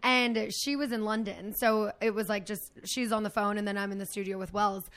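A woman's voice: mid-range voice, steady tone, a bit bright. A woman hosting a podcast, telling an anecdote in playful, teasing casual chat. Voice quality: playful, teasing, quick reactions. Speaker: podcast host.

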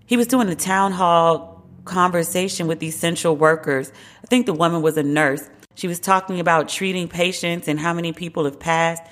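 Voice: mid-range voice, steady tone, normal speed, a bit bright. A podcast host giving casual, candid commentary alone, wry and opinionated, with slangy asides.

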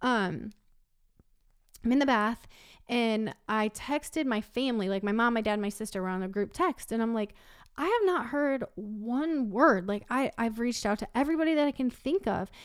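A woman's voice: fairly high pitch, moderate pace, clear, resonant tone, no echo, studio quality. A middle-aged woman in casual chat, retelling a personal story with feeling and lots of fillers. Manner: emotional storytelling, many fillers. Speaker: guest telling a personal story.

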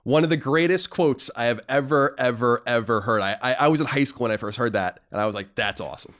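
A man co-hosting a casual podcast, talking emphatically and rambling with quick restarts. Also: mid-range voice, a bit bright. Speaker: podcast co-host.

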